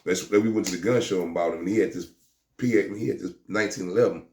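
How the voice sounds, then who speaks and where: A man's voice: low voice, fast talker, a little mellow, echoey room, a little hiss or hum. Slangy, stammering man telling a street story. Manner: stammering restarts, slangy, acts out the voices of others. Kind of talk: casual first-person storytelling.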